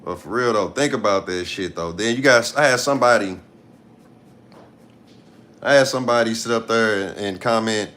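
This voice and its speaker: A man's voice: lowish voice, moderate pace, pauses often, fairly bright tone. Blunt, profane man ranting on a livestream. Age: 30s. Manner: blunt, profane, repeats himself for emphasis. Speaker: live streamer. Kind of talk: casual livestream rant.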